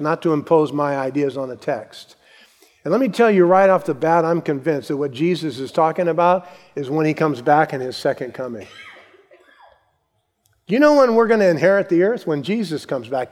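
A male pastor preaching a sermon, building to emphatic lines and then dropping to soft asides. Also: fairly high pitch. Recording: long hall reverb.

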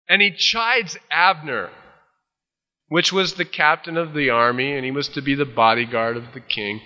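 A man preaching, reading scripture aloud and then retelling it with lively acted-out voices. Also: mid-range voice, moderate pace, long reverb tail. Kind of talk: expository Bible teaching.

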